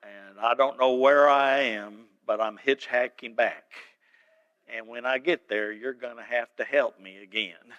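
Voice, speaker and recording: A man voicing a drowsy, muddled male hospital patient in a slow, low mumbling drawl. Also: steady tone, fairly bright tone, lo-fi sound, close to an everyday voice. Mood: sheepish.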